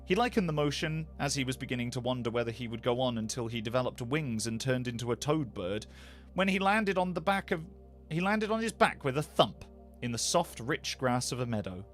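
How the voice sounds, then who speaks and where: A male voice actor reading a bedtime story aloud, expressive and animated. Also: medium pitch, fairly quick, soft background music. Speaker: voice actor, narrator.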